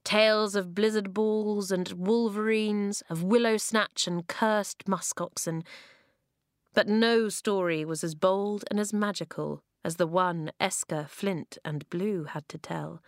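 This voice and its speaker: A woman reading a children's novel aloud, expressive, voicing the dialogue with big leaps in pitch and loudness. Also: slow pace, dry recording, studio quality. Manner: expressive, acts out dialogue with sharp jumps in pitch and volume. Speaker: narrator.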